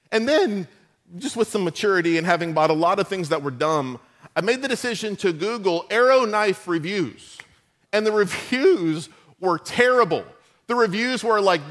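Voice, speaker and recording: Middle-aged pastor guy, pretty high voice, cracking jokes and telling stories mid-sermon. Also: normal speed. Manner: humorous storytelling, lively asides to the congregation.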